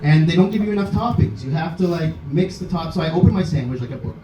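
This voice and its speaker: A man's voice: on the high side, lively intonation, fast. Male comic, raised voice, dry jokes, distant and roomy club sound. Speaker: stand-up comic. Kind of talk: stand-up set. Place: comedy club stage. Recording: echoey club room from far off, noisy.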